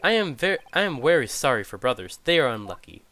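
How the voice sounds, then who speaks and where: A man's voice: medium pitch, big pitch swings, fast, a bit bright, slight background noise. A man voicing a blunt male juror with a put-on Russian accent and broken speech. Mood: solemn.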